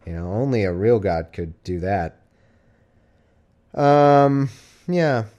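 On a muffled recording, a comedy podcast host reads archaic Bible verse and then riffs with sarcastic, irreverent asides. He speaks slowly but animatedly, in a fairly low voice with a dark tone.

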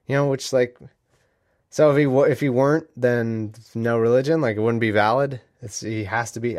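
A man's voice: medium pitch, a little mellow. A man hosting a casual podcast stream from a room at home, rambling and joking as he keeps cutting himself off. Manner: rambling, joking, self-interrupting. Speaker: podcast host. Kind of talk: casual livestream chat.

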